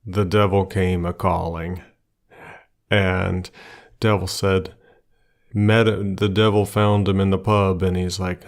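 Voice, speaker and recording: A male podcast host telling a folk tale in a casual, colloquial and lively way. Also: low-pitched, slow, long pauses. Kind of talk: casual storytelling.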